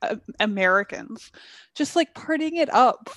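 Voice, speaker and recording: A woman's voice: on the high side, lively intonation, a little slow, a bit bright, no echo. Dry-miked, laughing young woman. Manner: laughs often, breezy, fact-checking tone. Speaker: podcast co-host. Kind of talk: casual chat.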